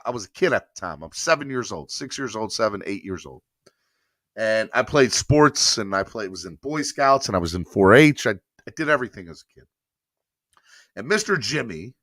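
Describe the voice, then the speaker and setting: Animated, bright-voiced man in his thirties. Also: medium pitch, no room sound, studio quality. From rural North Carolina, US. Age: 30s. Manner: animated storyteller, emphatic. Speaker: sports podcast host. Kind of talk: casual sports talk.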